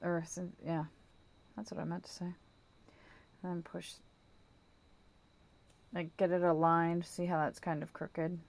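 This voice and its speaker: A woman's voice: fairly low pitch, flat delivery, unhurried, pauses often. A woman chatting through a home craft tutorial, rambling and correcting herself as she works. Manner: playful baby talk to her dog. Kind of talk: casual how-to demonstration.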